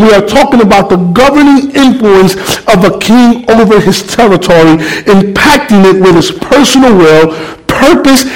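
A middle-aged pastor with a high voice delivers a passionate sermon. He moves between ringing calls and quiet, low, heartfelt moments. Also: low-quality recording. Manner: passionate preaching, shifts between loud calls and soft low reflection.

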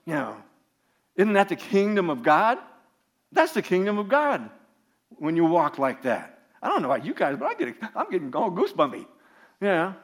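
A man's voice: high voice, wildly swooping pitch, normal speed. Chatty laughing male preacher. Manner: chatty, laughs often, many restarts. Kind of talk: anecdotal sermon.

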